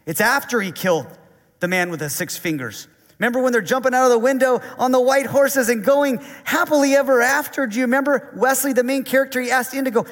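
A man preaching a sermon, animated and conversational, reading scripture aloud. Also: very high-pitched, fast talker, in a large hall. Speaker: pastor.

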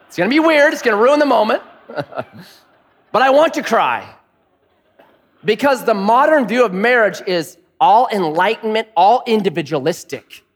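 Preaching a sermon, a middle-aged male pastor jokes around and stays animated, his high, lively voice swooping up and down in pitch.

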